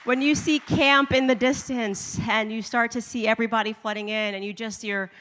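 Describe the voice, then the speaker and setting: A woman from the United States giving a chatty personal faith testimony, full of "like" and quick laughs between lines. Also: on the high side, steady tone, fairly bright tone, in a large hall, slight background noise. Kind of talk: personal storytelling talk.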